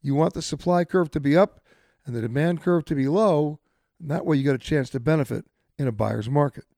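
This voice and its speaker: Guy hosting a travel radio show, kinda high voice, dry close mic, chatty and punchy with tips. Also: fairly quick, vocal fry, warm tone, no room sound. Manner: chatty, emphatic, gives direct travel tips. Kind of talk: radio talk, advice to listeners. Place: hotel where the show is broadcast.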